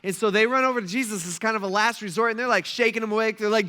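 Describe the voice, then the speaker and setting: A man's voice: high voice, racing, hardly any pauses, clean tone. A male pastor preaching a casual, conversational sermon, telling stories and acting out quotes. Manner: casual, animated storytelling with acted-out quotes.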